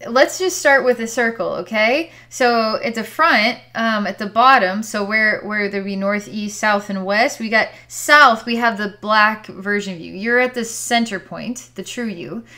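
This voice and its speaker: A woman's voice: medium pitch, unhurried, hardly any pauses, bright, forceful tone. A woman working as a psychic healer, describing what she sees during a distance healing session in a hesitant, word-searching way with sighs.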